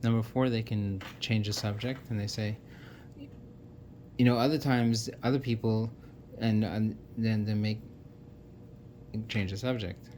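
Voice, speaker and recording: A man with a somewhat low voice talks earnestly and casually. He lists his points one by one and often restarts his sentences. A faint low rumble sits under the recording. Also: fairly even intonation, measured pace, long pauses, a little mellow. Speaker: self-help speaker. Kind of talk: casual explanatory monologue.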